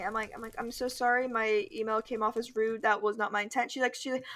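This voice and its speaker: Over gameplay footage, a teen girl who vlogs about gaming chats through a storytime anecdote, peppering it with "like" and "I'm like." Her voice sits on the high side, fairly quick and a bit bright.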